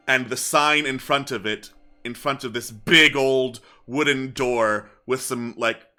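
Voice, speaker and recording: A man's voice: mid-range voice, bright, forceful tone. A man narrating a tabletop game as game master, describing scenes with frequent fillers.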